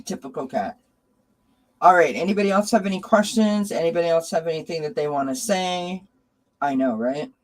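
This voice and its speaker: Woman host of a live tarot chat, warm, chatty, greets viewers by name. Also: fairly low pitch, a little fast. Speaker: tarot reader and channel host. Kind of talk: casual live-stream chat.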